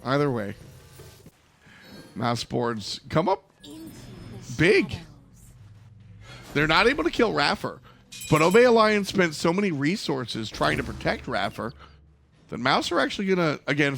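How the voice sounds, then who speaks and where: A man casting an esports match play-by-play, excitable and rising to shouts at big plays. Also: on the high side, normal speed, vocal fry, pauses often, slight background noise. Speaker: play-by-play caster. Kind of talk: esports commentary.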